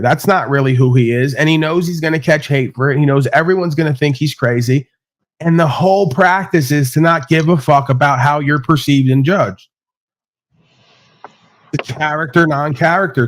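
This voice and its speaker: A man hosting an open online panel, talking bluntly and profanely with emphatic repetition. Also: fairly high pitch. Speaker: podcast panel host. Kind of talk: heated casual panel talk. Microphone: remote stream call.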